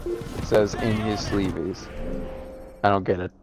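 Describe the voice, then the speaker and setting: A young man co-hosting a gaming stream, telling corny jokes in a deadpan way. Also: lowish voice, unhurried. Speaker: co-host of a gaming channel. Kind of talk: casual let's-play banter. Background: game music.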